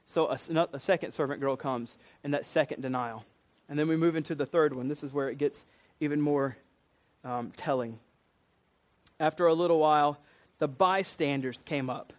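A man with a Southern US accent preaches in an easy, conversational way. His voice sits high for a man, and he slips into voices for the quotes he tells. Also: moderate pace. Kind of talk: sermon.

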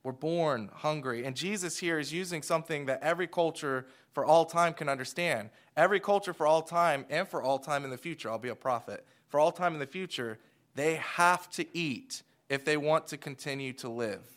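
A male pastor preaching with a slightly high voice. He moves between quiet asides and bursts of loud emphasis. He sounds like a man in his thirties. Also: brisk. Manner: expressive, swings between hushed asides and loud emphatic lines. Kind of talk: sermon.

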